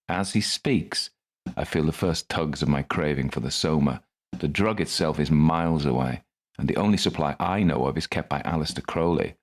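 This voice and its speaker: Man, extremely deep voice, first-person audiobook narration, dry and wry. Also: moderate pace. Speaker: author narrating his own story.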